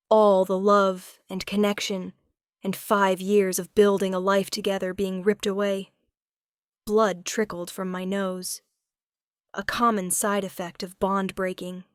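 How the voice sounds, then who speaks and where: A woman narrating a first-person romance audiobook in a measured, dramatic way on a close studio mic. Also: medium pitch, smooth, dry recording.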